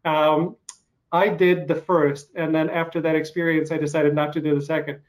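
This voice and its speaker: A man in his forties from eastern Ukraine, with a slight Russian accent, hosting an interview and telling stories in an unhurried way with many pauses. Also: on the high side, little pitch movement, poor audio. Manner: unhurried storytelling with frequent pauses and fillers. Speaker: podcast host. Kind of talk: casual interview chat.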